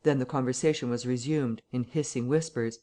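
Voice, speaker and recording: Measured male audiobook narrator. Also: medium pitch, fairly even intonation, warm tone.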